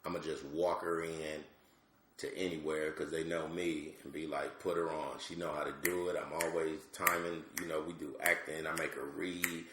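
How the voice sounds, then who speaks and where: A middle-aged male comedian telling animated, slangy stories as a podcast guest. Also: extremely low pitch, normal speed, very noisy. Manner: animated, slangy, lots of asides. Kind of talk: comic storytelling on a podcast. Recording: roomy echo.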